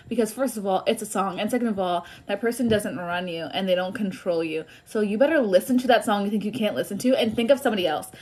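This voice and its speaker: A young woman giving a tarot reading on a live stream, chatty and sassy, often laughing. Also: medium pitch. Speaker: tarot reader.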